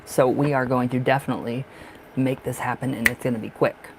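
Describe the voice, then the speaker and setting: Blunt brisk lawyer, as a male tarot reader quotes him, firm and to the point. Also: medium pitch, fairly even intonation, background noise, natural voice. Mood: stern. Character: brisk lawyer addressing a cheating husband.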